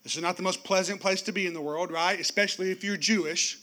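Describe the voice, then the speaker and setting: Male pastor, high bright tenor, animated sermon delivery. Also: fast talker. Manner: animated, with sudden swings between loud and hushed; joking, speaks straight to the congregation.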